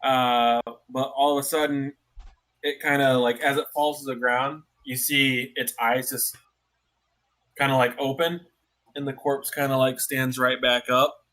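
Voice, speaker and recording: A man's voice: mid-range voice, little pitch movement, unhurried, pushed and bright. A man narrating as dungeon master in a tabletop game, in a loose style full of fillers.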